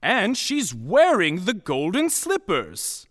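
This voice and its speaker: A man's voice: sits high, huge pitch swings, slow pace, long reverb tail. A man narrating a playful western story in a sing-song storybook manner.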